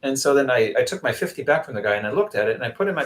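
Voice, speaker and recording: A man's voice: medium pitch, animated, rapid-fire, few pauses, slight background noise, poor audio. A man chatting casually on a live vlog stream, rambling through stories and answering viewers by name. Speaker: vlogger doing a live stream. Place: Zamboanga City.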